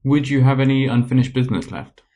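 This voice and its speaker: A man's voice: medium pitch, fast, mellow. A man co-hosting a podcast, chatting casually in a dry, teasing way. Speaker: podcast co-host. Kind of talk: casual chat.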